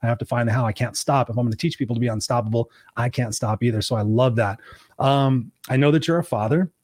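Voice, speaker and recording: A man in his forties hosting a podcast, telling stories in an energetic, motivational way. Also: mid-range voice, fast, no echo, studio quality. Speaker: podcast host. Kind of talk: casual interview conversation.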